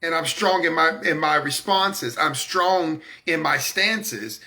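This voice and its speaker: A man's voice: a little high, takes it slowly, sharp tone. A man hosting a talk broadcast in a preaching-style manner, speaking emphatically and with confidence, repeating words to drive his points home. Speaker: broadcast host.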